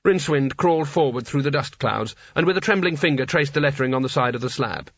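A man giving measured, wry scripted narration of an audiobook. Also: medium pitch, fairly bright tone, no echo. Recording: dull dry audiobook recording.

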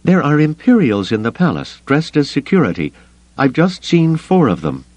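Audiobook: male reader doing a sarcastic, high-strung woman smuggler, raised pitch, dry booth sound. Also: big pitch swings, normal speed, darkish tone, dry recording. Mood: urgent, tense. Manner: clipped, urgent, sarcastic. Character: tense sharp-tongued female smuggler. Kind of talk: audiobook character voice.

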